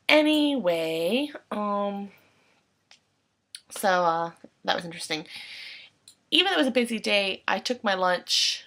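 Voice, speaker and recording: A chatty young woman talks into her laptop camera at home, her bright voice leaping up and down with a gravelly edge at the ends of phrases. She rambles, corrects herself and slips into little quoted asides. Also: medium pitch, expressive, normal speed. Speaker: English teacher in Japan. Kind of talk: casual vlog chat. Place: her apartment at night. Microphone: laptop webcam.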